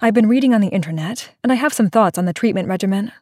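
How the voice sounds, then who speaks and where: A woman's voice: medium pitch, fast talker, dark tone, no echo, studio quality, lightly acted. A woman voicing a stubborn, defensive mother in an audiobook, resentful and combative. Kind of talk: audiobook character voice.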